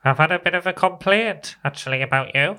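A petty, nasal shop boss who talks down to his paper boy with halting, officious accusations, as a man puts him on. The voice is very bright and smooth, a little off the mic. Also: a little high, voice pushed up. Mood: accusing.

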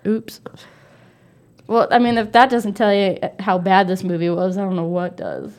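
A woman's voice: mid-range voice, lively intonation, normal speed. A woman co-hosting a casual movie review podcast, blunt and dry, with many filler likes. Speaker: podcast co-host. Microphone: podcast microphone with headphones.

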